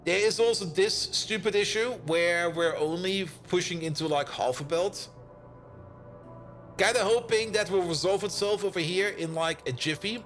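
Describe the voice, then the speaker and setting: A man's voice: high voice, moderate pace, fairly bright tone, faint music behind. A young man streaming a game, chatting casually, joking, rambling and laughing often. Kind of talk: casual live-stream chat.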